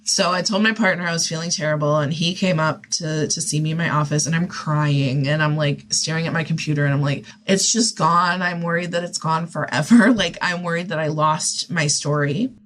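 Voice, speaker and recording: Candid, rambling woman podcast host, lowish voice. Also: fairly bright tone. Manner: rambling, heavy use of "like" and restarts; candid and self-deprecating. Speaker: podcast host and writing coach. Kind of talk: casual solo podcast monologue.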